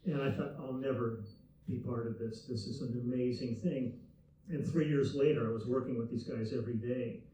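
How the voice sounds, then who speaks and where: Older man with a mellow voice, very echoey. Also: mid-range voice, steady tone, normal speed, slight background noise. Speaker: guest musician. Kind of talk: relaxed recollection. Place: theater stage before an audience. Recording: very echoey hall, distant mic.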